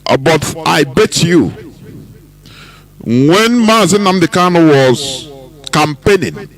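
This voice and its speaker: A Nigerian man hosting a political radio broadcast, delivering commentary in an emphatic, preaching manner with drawn-out phrases. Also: on the high side, lively intonation, low-quality recording. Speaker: radio host.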